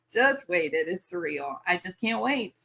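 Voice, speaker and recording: Bubbly bright-voiced woman. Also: on the low side, big pitch swings, moderate pace. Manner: bubbly, chatty, laughs often, drawls y'all. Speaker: livestream host. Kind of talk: casual live-stream chat.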